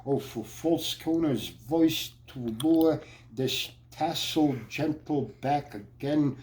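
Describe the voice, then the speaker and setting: A man reading a young lover's Shakespeare lines slowly in a put-on Brooklyn accent, mock-dramatic. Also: fairly high pitch, a little mellow, slight background noise, voice pushed up.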